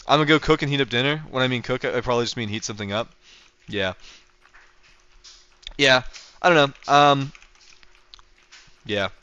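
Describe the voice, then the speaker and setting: A man's voice: medium pitch, normal speed, pauses often, bright, forceful tone, clean tone, dull audio. A man from North America chatting casually on a livestream, rambling with lots of fillers and restarts. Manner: rambling, full of fillers and restarts, chuckling often. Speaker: streamer.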